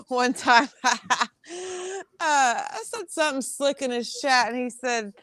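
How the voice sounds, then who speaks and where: A woman's voice: high voice, takes it slowly, fairly bright tone, dry recording, studio quality. A woman hosting a casual chat, agreeing often and talking loosely and profanely.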